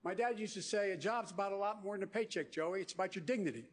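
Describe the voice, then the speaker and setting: Man making a loud political speech. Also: high-pitched, fast. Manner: forceful, raised oratory.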